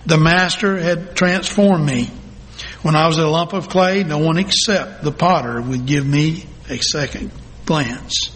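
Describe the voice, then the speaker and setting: A male pastor telling a story in a sermon, reading slowly and deliberately with dramatic pauses. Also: fairly high pitch, a bit bright. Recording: long hall reverb.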